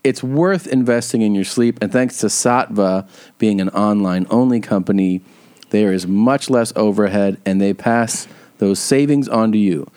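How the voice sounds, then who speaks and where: A man's voice: fairly low pitch, moderate pace, warm tone, clear, resonant tone. A man co-hosting a podcast, joking loosely as he rattles off tour dates and reads ads. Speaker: podcast co-host. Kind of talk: casual chat and ad read.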